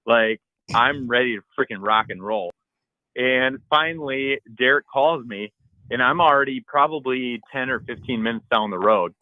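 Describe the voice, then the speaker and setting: Excitable man telling a hunting story. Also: mid-range voice, no echo, narrow, tinny audio. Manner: animated storyteller, acts out his own shouts and texts. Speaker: podcast co-host. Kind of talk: casual storytelling.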